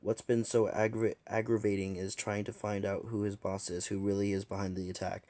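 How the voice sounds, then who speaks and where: Man, low voice, fantasy audio drama, casual delivery, restarts lines. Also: little pitch movement, a little fast, mellow. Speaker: fan audio drama reader.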